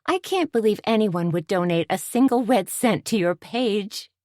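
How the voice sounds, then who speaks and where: A brash, sharp-tongued waitress, put on by a woman, pitched far above her own voice and loud. She sounds sassy and quick to scold. The audiobook recording is dry and close. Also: expressive, no room sound, natural voice. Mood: incredulous.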